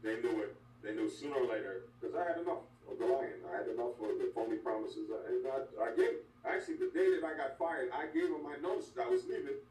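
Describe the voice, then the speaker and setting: An older man, a former wrestler, telling stories bluntly in an interview, animated and full of asides. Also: mid-range voice, fast, few pauses. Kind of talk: candid storytelling interview. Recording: echoey room, distant mic, faint hum.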